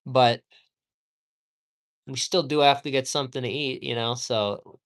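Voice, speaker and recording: Male streamer, mid-pitched, fired-up profane rant from home, rambling and emphatic. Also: unhurried, fairly bright tone, clean tone. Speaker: live streamer. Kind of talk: casual livestream rant.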